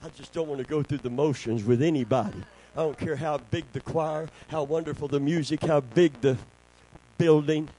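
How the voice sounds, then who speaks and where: A man's voice: fairly high pitch, moderate pace, dark tone. A man preaching a sermon, calling for amens and breaking into song. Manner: call-and-response, asks congregation for amens.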